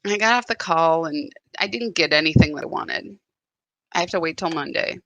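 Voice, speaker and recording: A woman's voice: low voice, a little fast, a bit bright, no room sound, muffled recording. A woman spiritual guide giving a live meditation talk, telling a candid story that turns reflective.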